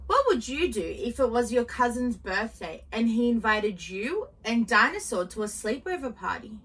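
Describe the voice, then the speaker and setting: Bright-voiced woman reading a story. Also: fairly high pitch, very animated, moderate pace, breathy edge, distant mic, poor audio. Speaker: children's story reader. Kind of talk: reading a picture book aloud.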